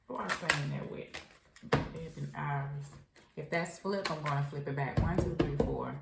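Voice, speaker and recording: A woman reads tarot cards in a chatty, frank way, talking straight to her viewer with pet names. Her voice sits low and has a gravelly edge. The sound bounces around an echoey room. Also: fairly even intonation, moderate pace, loud music behind the voice. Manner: frank, chatty, addresses viewer directly with endearments. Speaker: tarot reader. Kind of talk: casual tarot reading to camera.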